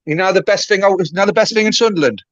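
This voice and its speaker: This Geordie streamer's voice sits high and comes out rapid-fire, with no echo in the dry, dull lo-fi audio. Hailing from North East England, he rambles bluntly, curses a lot and pokes fun at himself in casual live banter.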